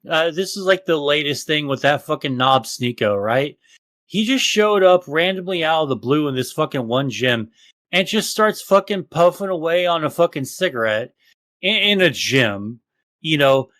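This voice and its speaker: High-voiced man ranting profanely. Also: expressive, normal speed, fairly bright tone, dry recording. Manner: profane, ranting, mocks others in exaggerated voices. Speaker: podcast co-host. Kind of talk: casual podcast chat.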